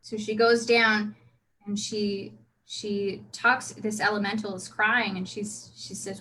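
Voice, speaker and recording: A woman's voice: mid-range voice, flat delivery, slow, bright, forceful tone, slight background noise, rough recording. A woman casually telling her role-play character's backstory, chatty with many restarts. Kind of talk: casual storytelling.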